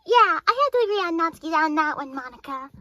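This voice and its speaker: A woman's voice: extremely high pitch, animated, fast talker, bright, forceful tone, dry recording, highs cut off, heavily acted. A woman voicing a cheerful anime schoolgirl at a sleepover in a plush toy video, chirpy and sometimes whiny.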